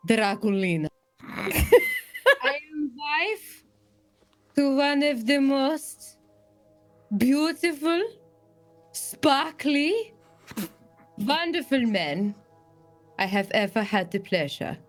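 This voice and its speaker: A woman voicing a proud female vampire hostess with a put-on accent, speaking slowly and theatrically. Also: fairly high pitch, huge pitch swings, soft background music, full character voice. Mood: stately. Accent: put-on foreign vampire accent. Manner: slow, stately, drawn-out delivery. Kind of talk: murder mystery role-play.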